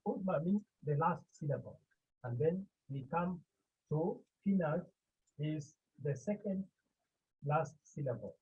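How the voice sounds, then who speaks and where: A man from Cameroon leads a Greek class with a husky, slightly high voice. He speaks slowly and patiently, repeating each term and asking the students questions. The recording sounds muffled and narrow, like a phone line. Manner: slow and deliberate, repeats terms and quizzes the class. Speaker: Greek teacher. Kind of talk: classroom lecture.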